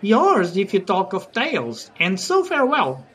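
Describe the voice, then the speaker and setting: Man doing squeaky coy Caterina. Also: huge pitch swings, a little slow, a bit bright, husky, heavily acted. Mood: teasing. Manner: squeaky mock-feminine falsetto. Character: coy sharp-tongued young woman, Caterina.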